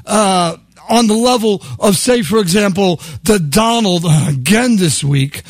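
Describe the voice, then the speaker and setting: A man's voice: high voice, unhurried, no echo, clean studio sound. An older American man hosting a call-in talk radio show, delivering a sarcastic monologue full of chuckles and wry asides. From United States.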